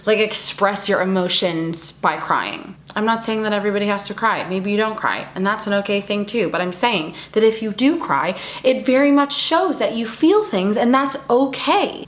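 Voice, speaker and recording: A woman's voice: mid-range voice, lively intonation, normal speed, roomy sound. A young adult woman talking to camera in a casual, earnest and encouraging way, repeating words for emphasis. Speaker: women's event speaker and video creator.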